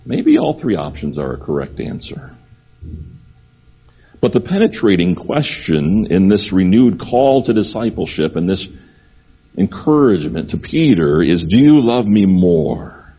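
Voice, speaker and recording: Man preaching earnestly, mellow husky voice. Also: sits low, sing-song, a little slow, lo-fi sound. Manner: earnest preaching, repeats phrases for emphasis. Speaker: pastor. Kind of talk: sermon.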